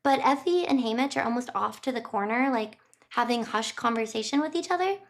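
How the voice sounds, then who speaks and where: A woman streamer with a slightly high voice briskly retells a chapter of a novel in a casual, chatty way. She rambles with lots of fillers, giggles and keeps apologizing.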